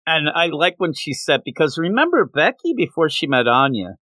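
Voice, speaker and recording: Male podcast co-host, animated, breaks into character voices. Bright tone, dead-dry sound. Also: a little high, no room sound. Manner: animated, quotes characters in quick put-on voices. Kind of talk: casual manga discussion.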